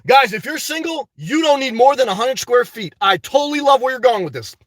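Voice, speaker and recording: A man's voice: very high voice, lively intonation, a little fast, dry recording, distant mic. A man hosting a livestream, reading the live chat in a chatty way and often tagging on "okay". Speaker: livestream host. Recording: dry sound, voice away from mic.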